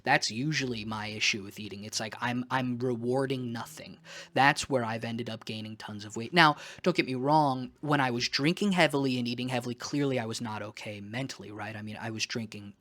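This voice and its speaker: A man's voice: mid-range voice, brisk, a bit bright. Male vlogger, mid-range voice, candid and rambling, casual personal video, swears freely.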